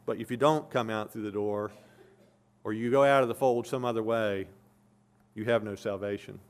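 A man's voice: on the low side, steady tone, moderate pace. A male pastor preaching an expository sermon, reading scripture aloud and explaining it verse by verse with earnest emphasis.

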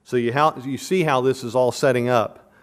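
A man preaching an earnest, emphatic sermon, working through a text verse by verse. He presses his points with repeated questions, then slows down to explain word meanings like a teacher. His voice sits at an ordinary middle pitch for a man. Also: fairly even intonation. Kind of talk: expository sermon.

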